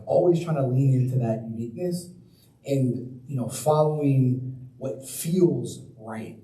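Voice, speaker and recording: Recorded from afar in a roomy planetarium lecture hall, a young guest speaker recounts his own experiences in a casual, conversational public talk. He has a medium-pitched, dark-toned voice.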